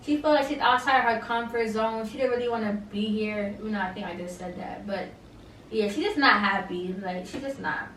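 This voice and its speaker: A woman's voice: medium pitch, normal speed, fairly bright tone, slight background noise. A young woman recapping a reality show in casual chat, blunt and opinionated, with many fillers. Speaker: reality TV reviewer. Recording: roomy, mic at a distance, faint ambience.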